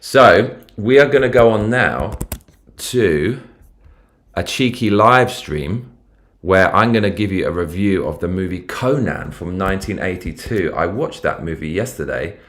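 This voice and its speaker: Low-voiced streamer dude rambling away, animated, swears a bunch, chatting casual from his mum's place. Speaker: live streamer. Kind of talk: casual live-stream chat. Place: his mother's house.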